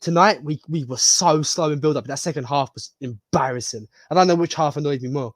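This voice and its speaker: A man's voice: a little high, fairly quick, no echo. A man ranting about his football team, annoyed and emphatic. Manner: annoyed, emphatic, says "bro". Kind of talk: football reaction rant.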